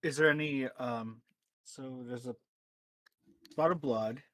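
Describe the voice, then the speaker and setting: A man's voice: medium pitch, takes it slowly, a bit bright, no echo, clean studio sound. Inquisitive man at a game table. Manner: inquisitive, asks questions. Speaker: player. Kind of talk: casual tabletop play.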